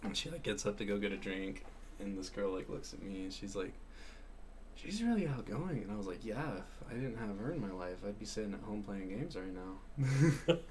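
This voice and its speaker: A man's voice: on the low side, expressive, normal speed, a little hiss or hum. A man co-hosting a podcast in casual chat, telling long jokes and stories and swearing freely. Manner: storyteller, swears freely, breaks into loud laughter. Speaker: podcast co-host.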